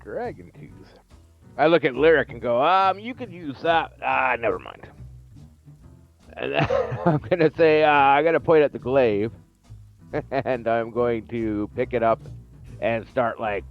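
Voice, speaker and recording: Gravelly laid-back man on a lo-fi mic. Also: medium pitch, unhurried, long pauses, faint music behind. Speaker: player. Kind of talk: casual tabletop play.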